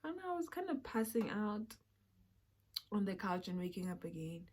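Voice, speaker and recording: A young woman with a South African accent telling a personal story in a casual, animated way, sometimes dropping to a whisper. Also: medium pitch, normal speed. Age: young adult. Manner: animated, drops to a whisper for asides. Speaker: vlogger.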